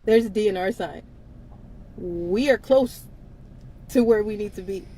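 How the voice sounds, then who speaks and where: A woman's voice: mid-range voice, unhurried, warm tone, slight background noise, low-quality recording. A woman hosting a casual livestream, talking bluntly with frequent swearing and laughter. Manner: blunt, profane, laughs often between lines. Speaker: livestream host.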